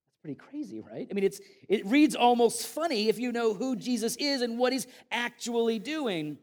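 A man giving an animated, conversational sermon, reading Bible passages with dramatic emphasis. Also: very high-pitched, normal speed. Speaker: preacher.

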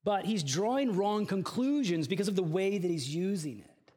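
A male pastor preaching a sermon in a fairly high voice. He tells a personal story in a loose, conversational way, with chatty asides and filler words. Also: expressive, moderate pace, a little mellow.

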